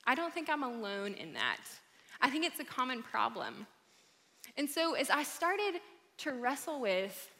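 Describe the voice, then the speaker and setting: A woman's voice: sits high, big pitch swings, unhurried, pushed and bright. A woman giving an upbeat, encouraging talk to a live audience in a large room, chatting casually as she speaks. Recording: hall reverb.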